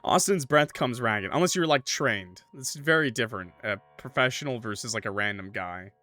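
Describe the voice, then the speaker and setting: Give me a laid-back man narrating a horror game with a bright, tense voice. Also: mid-range voice, normal speed, dry recording, faint music behind. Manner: casual, laid-back, lots of "like" and "bro". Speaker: streamer. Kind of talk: let's play, reading game text with commentary.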